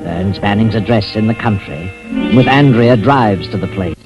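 A man's voice: on the low side, close to an everyday voice. A man doing a brooding mysterious radio narrator. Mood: ominous. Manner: slow, ominous, deliberate. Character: mysterious all-knowing male night-walking storyteller. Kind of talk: 1940s radio drama narration. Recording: dull old radio recording with music.

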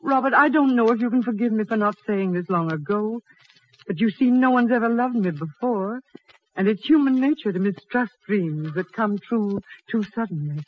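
An actress playing a frail young woman invalid poet, shy and tender, speaking softly and emotionally in a 1940s radio drama. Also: medium pitch, animated, moderate pace, close to an everyday voice. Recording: lo-fi old radio with faint hiss.

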